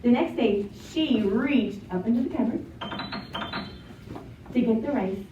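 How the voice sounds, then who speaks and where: A woman telling a children's story in an animated way, inviting the children to join in. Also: on the high side, measured pace, slight background noise. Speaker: storyteller and teacher. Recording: echoey, distant, dull, piano behind.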